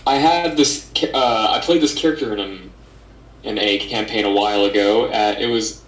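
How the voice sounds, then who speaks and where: A man playing a tabletop game, talking in a relaxed, matter-of-fact way. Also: fairly low pitch, moderate pace, echoey room, poor audio. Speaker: player. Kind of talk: tabletop game play, casual chat.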